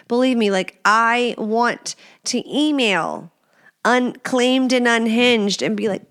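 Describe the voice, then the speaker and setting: A woman's voice: on the high side, measured pace, a bit bright. A woman hosting a podcast in a casual monologue, blunt and crude, stretching words out for emphasis. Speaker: podcast host.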